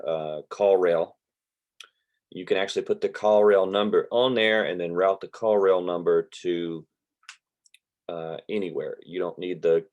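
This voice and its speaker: Guy with a real low voice, laid back, rambling through an online class on a computer mic. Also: muffled recording. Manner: relaxed, rambling, drawls with y'all. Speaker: real estate investing teacher. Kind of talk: casual online class lecture. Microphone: computer mic on a video call.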